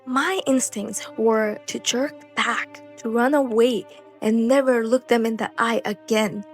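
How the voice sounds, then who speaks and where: A woman's voice: a little high, steady tone, measured pace, faint music behind. A young woman hosting her own audiobook reading, switching between a careful reading voice and chatty, blunt asides.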